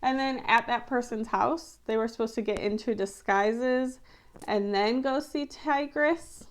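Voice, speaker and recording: A woman vlogger giving casual, animated commentary on a film adaptation, chatty and often exasperated, with lots of fillers. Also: on the high side, a little slow. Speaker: book-to-movie review vlogger.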